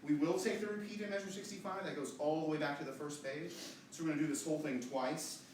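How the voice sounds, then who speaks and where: A man leading a choir rehearsal who gives brisk, quiet instructions, counts in and demonstrates phrases. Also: fairly high pitch, fairly even intonation, a little hiss or hum. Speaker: choir director. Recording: echoey room, far from the mic, choir and piano behind.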